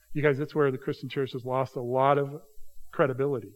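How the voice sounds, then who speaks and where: A man's voice: medium pitch, little pitch movement, fairly quick, low-quality recording. A man preaching a sermon as pastor, reading scripture aloud with rising emphasis and talking straight to his congregation. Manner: addresses congregation directly as "you guys".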